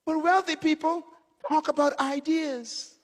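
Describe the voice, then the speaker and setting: A man's voice: very high voice, steady tone, unhurried, big-room sound. A man preaching a sermon as a pastor, delivering short punchy phrases and telling stories to his congregation.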